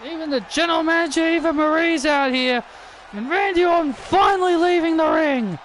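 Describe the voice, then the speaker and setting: A man doing excited play-by-play wrestling commentary over a video game, often shouting and repeating himself. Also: very high-pitched, brisk, some chatter behind, slight background noise.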